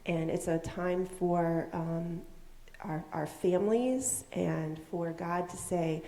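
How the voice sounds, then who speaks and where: Woman leading children's time in a sanctuary; mellow, animated storyteller, roomy echo. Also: lowish voice, slow. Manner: animated, asks questions, acts out voices. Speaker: children's message leader. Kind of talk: children's sermon, storytelling to kids. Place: church sanctuary. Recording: echoey sanctuary.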